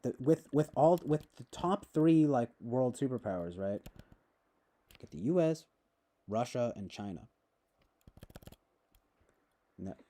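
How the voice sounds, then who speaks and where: Man streamer, mid-pitched voice, sarcastic rambling chat with lots of swearing. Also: mellow. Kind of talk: casual rambling chat to viewers.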